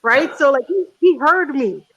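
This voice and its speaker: A woman's voice: high voice, expressive, a little slow, fairly bright tone, lo-fi sound. A woman hosting a podcast in casual chat, rambling with lots of ums and restarts and cursing freely. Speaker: podcast host.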